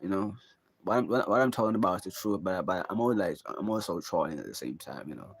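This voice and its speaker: A man's voice: low voice, animated, fast talker, creaky, breathy edge, dry recording. A young man vlogging in a casual confessional monologue, rambling and musing, with constant fillers. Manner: rambling, musing, full of "like" and "bro".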